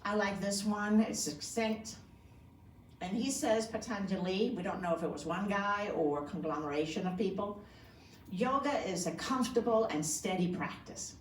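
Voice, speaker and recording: A yoga teacher with a mid-range voice talks at normal speed to a group in a community room, keeping it conversational and asking them questions. A faraway mic gives an echoey sound with a little hiss or hum.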